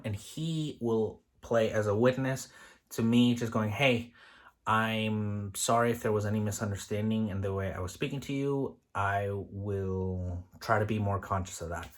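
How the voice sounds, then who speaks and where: A man's voice: on the low side, fairly bright tone. A man in his thirties, a kitchen lead, talking candidly in a casual vlog with rambling restarts. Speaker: line cook and kitchen lead.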